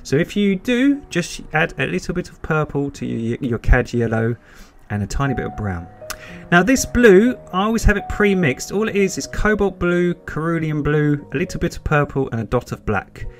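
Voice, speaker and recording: A man's voice: a little high, big pitch swings, moderate pace, faint music behind. Chatty British man teaching painting. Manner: chatty and encouraging, repeats reassurances. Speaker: painting tutor. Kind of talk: step-by-step painting tutorial.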